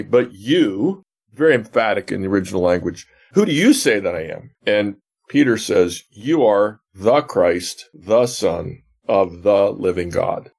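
His voice is fairly low, husky and a little mellow. This professor of biblical theology takes interview questions and walks through a gospel passage as an earnest teacher, acting out scenes with quoted lines.

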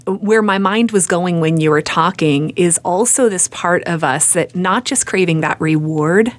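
A woman hosting an interview who muses thoughtfully and responds with warm affirmations. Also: on the low side, measured pace. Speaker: interview host. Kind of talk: conversational interview.

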